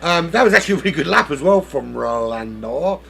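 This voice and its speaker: A man commentating a sim race live in a gravelly voice. His pitch leaps and dips as he rambles from one joke to the next and keeps cutting himself off. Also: lively intonation, rapid-fire, bright, forceful tone, faint music behind. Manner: rambling, jokey, self-interrupting. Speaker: race commentator and lobby host.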